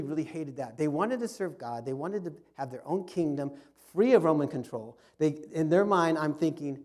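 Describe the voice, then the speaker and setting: Man, club history talk, slightly high mellow voice, storyteller who restarts phrases. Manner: storytelling with frequent restarts and repetitions. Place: fellowship hall.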